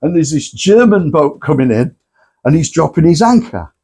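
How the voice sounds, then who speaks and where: A man presenting at a club night, telling anecdotes in a lively way and acting out the people he quotes. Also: fairly high pitch, moderate pace, husky. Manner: lively storyteller, acts out quotes.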